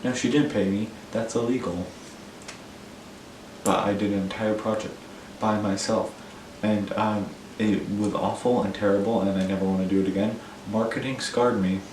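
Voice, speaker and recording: A man's voice: lowish voice, steady tone, moderate pace, darkish tone, slight background noise. A teenage boy telling school stories in a rambling, self-deprecating way, full of "like" and "um". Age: teens. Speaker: vlogger. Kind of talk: casual storytelling. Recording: echoey room, voice a little far from the mic.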